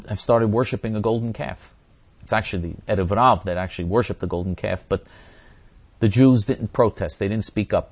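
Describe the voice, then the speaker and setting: A man's voice: fairly low pitch, no room sound. A man giving impassioned religious teaching and answering viewer questions, repeating phrases and acting out quoted voices.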